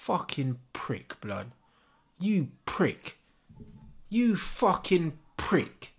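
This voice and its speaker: A man's voice: on the high side, very animated, very slow, husky. Furious swearing man. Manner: furious, swearing constantly, slangy. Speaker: football fan channel host. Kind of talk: live match reaction rant.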